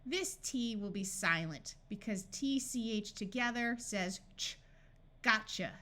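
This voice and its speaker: A woman tutor reads a phonics lesson aloud. She speaks slowly and carefully, stretching each sound so learners can follow. Her voice is bright and clear. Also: mid-range voice, lively intonation. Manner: slow, deliberate enunciation of sounds and words.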